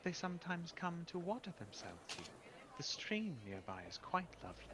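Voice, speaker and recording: A man voicing a languid female water spirit who lives in a pool, speaking softly and gently. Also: a little high, very animated, moderate pace, noisy background, pitched above the performer's own voice. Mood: dreamy.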